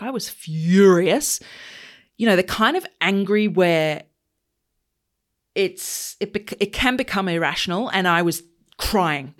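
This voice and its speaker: A woman's voice: on the low side, animated, slow pace, long pauses. A woman podcast host in her thirties telling a personal story candidly, acting out the dialogue she recalls. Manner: candid, conversational, acts out quoted dialogue.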